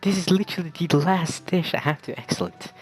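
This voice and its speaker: A young man giving casual let's-play commentary, excitable and stammering, repeating himself as he talks. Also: fairly high pitch, a little fast, faint music behind. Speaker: gaming video creator.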